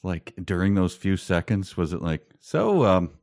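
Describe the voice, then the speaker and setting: A man co-hosting a podcast, chatting casually about a book with a wry, sarcastic manner and halting restarts. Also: low voice, level tone, a little mellow, clear, resonant tone. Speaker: podcast co-host.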